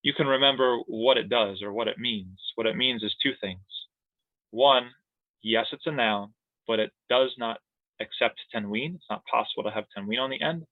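Playful and jokey, complete with laughter and siren effects, a man of medium pitch runs an online grammar lesson at normal speed. The thin, phone-like audio is completely dry, with no echo or room sound.

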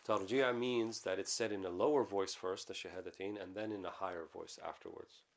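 Low-voiced man teaching a religious text. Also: steady tone. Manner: reads Arabic passages quickly, then explains in English. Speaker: Islamic teacher. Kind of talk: explaining a classical text.

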